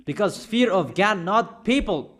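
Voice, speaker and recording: High-voiced man preaching a scolding sermon. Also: lively intonation, unhurried. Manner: forceful, scolding, rhetorical questions.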